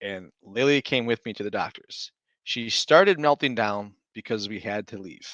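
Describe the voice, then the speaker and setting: A man's voice: on the low side, normal speed, fairly bright tone, no room sound, highs cut off. Thirties guy, stay at home dad, rambly story mode, lots of restarts, dead dry mic. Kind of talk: casual chat.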